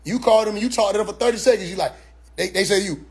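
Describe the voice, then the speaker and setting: Man, high voice, husky, animated casual monologue, stumbling restarts. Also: racing. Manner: animated, repeats words as he restarts.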